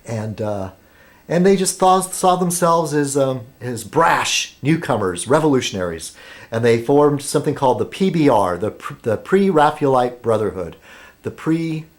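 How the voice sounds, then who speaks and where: A man's voice: medium pitch, big pitch swings, normal speed. Rambling American man vlogging. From United States. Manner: meandering, filler-heavy, self-deprecating. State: talking while eating. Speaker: vlog host. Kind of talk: rambling casual vlog monologue.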